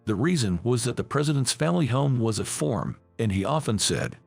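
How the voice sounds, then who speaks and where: Gravelly man narrating a story. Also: mid-range voice, big pitch swings, a little fast, faint music behind. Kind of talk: scripted first-person story narration.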